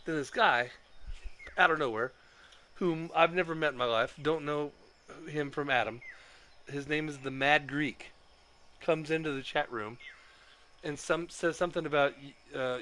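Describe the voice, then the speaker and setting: A man's voice: on the high side, moderate pace, pauses often, pushed and bright, a little hiss or hum. A man telling a story about getting banned from an online game, swearing constantly and complaining in an agitated way. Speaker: streamer. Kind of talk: profane ranting storytelling.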